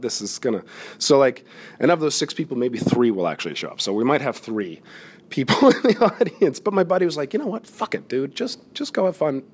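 A man hosting a comedy podcast, talking candidly and self-deprecatingly on his own from a gym's yoga room, swearing often. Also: medium pitch. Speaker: podcast host. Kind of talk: casual confessional monologue.

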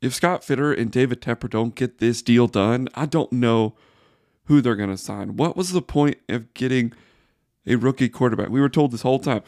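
A man's voice: mid-range voice, moderate pace, darkish tone, no echo, clean studio sound. A man hosting a solo sports podcast, ranting in exasperated frustration. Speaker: podcast host.

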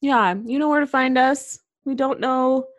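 A woman's voice: sits high, steady tone, a little slow, no room sound, clean studio sound. A young woman co-hosting a casual podcast. She tells stories full of swearing and giggles, and drops her voice when she quotes other people. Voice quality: profane, giggly storytelling. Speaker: podcast co-host.

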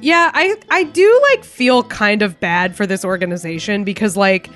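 A woman's voice: mid-range voice, animated, moderate pace, a bit bright, faint music behind. A woman co-hosting a casual chat podcast, joking wryly and laughing often. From United States. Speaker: podcast co-host.

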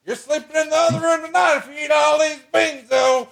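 A man putting on the voice of a loud, boastful backwoods husband cooking over a campfire, hollering and profane. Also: very high-pitched, fairly even intonation, brisk, creaky, pitched above the performer's own voice, exaggerated voice.

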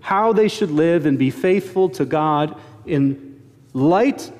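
A man's voice: a little high, expressive, slow, a little mellow. A male pastor preaching a sermon, moving from an earnest prayer into plain storytelling. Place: church sanctuary. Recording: long church reverb.

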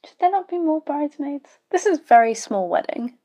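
A woman's voice: high voice, expressive, a little fast, mellow. A young woman giving casual, blunt, sweary reaction commentary while watching a show. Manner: blunt, sweary, chatty asides. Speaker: YouTube reaction host.

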